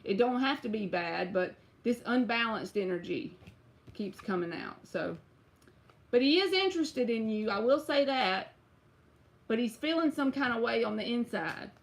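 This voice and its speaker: A woman's voice: fairly high pitch, expressive, normal speed, vocal fry. Chatty woman reading tarot. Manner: casual, chatty, uses y'all and bruh. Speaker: tarot reader. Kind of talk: live-stream tarot reading.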